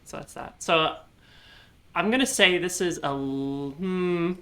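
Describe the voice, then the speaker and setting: Woman, low pitch, bright tone, casual game-night chat, laughs often, thinks aloud. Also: slow. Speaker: tabletop game player.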